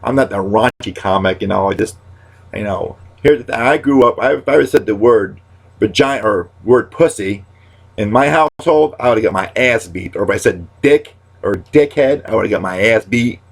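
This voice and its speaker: Addressing the camera, a comic in his thirties delivers a meandering monologue full of false starts and signature phrases. He speaks at a normal speed in a lowish, gravelly voice, and becomes hushed and subdued whenever loss comes up.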